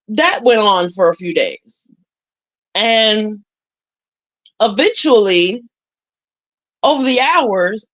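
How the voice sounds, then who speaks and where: A woman's voice: fairly high pitch, a bit bright, lo-fi sound. A woman telling her viewers a story in casual chat, talking emphatically and repeating herself for weight. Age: adult with a son. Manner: emphatic, repetitive, conversational. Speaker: YouTube commentator.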